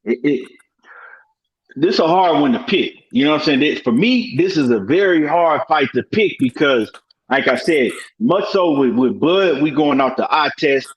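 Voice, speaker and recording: A man on an online panel talks slowly through his view, hesitating and leaning on fillers and slang. His voice is slightly high. The sound is dull and lo-fi, as if over a call. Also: animated. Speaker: panel guest. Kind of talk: casual online panel chat.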